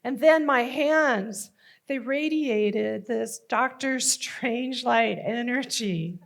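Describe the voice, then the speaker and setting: A middle-aged woman telling a personal story on stage, slow and deliberate with emotional emphasis. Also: fairly high pitch, gravelly.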